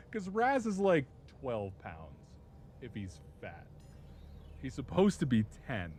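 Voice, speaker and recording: A man's voice: mid-range voice, wildly swooping pitch, takes it slowly, long pauses, a little mellow, slight background noise. A man streaming and telling a rambling dog story, laughing often and swearing freely. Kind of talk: casual chat.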